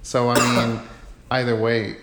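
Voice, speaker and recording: A man co-hosting a casual movie podcast, giving relaxed, thoughtful opinions. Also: medium pitch, a little slow, very noisy. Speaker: podcast co-host. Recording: echoey room.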